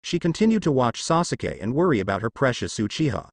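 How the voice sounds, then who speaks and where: A man narrating a fanfiction story in a steady storytelling way. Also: mid-range voice, quick pace, dry recording, clean studio sound.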